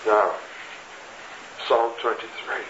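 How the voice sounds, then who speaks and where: A man preaching a sermon, reading scripture slowly and deliberately. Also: lowish voice, fairly even intonation. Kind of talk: expository sermon. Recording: echoey lo-fi radio recording with noise.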